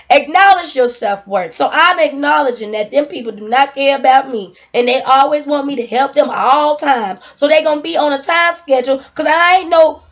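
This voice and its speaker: A woman's voice: high-pitched, dull audio. A young adult woman, a single mother, talking casually and emphatically to her camera, venting and encouraging viewers. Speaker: motivational vlogger.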